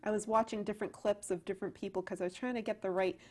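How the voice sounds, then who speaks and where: A woman actress and playwright, a guest on an interview show, telling lively stories with many restarts. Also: mid-range voice, very fast. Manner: animated storyteller, many restarts. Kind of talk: casual interview chat.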